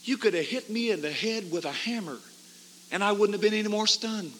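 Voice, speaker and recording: A high, bright-voiced man preaching a revival sermon in a church. His delivery swings from hushed storytelling to fervent, shouted exhortation. The sound carries a long hall echo. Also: fairly quick, slight background noise.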